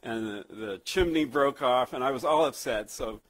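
A man preaching a sermon, telling a childhood story and reading scripture slowly, with frequent restarts and fillers. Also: medium pitch, no room sound, poor audio. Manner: conversational storytelling with many restarts; slow, emphatic scripture reading. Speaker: pastor.

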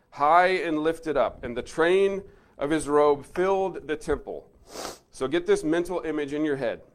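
A man giving an earnest Bible teaching, stressing key words and then dropping to a soft, reflective tone. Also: fairly high pitch.

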